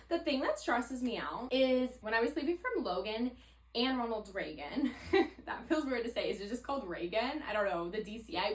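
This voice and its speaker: A woman's voice: fairly high pitch, a bit bright. A woman in her twenties hosting a podcast alone, chatting casually with lots of "like" and frequent swearing. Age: 20s. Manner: chatty, swears freely, heavy "like" filler. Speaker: podcast host. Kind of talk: casual solo podcast monologue. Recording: roomy echo.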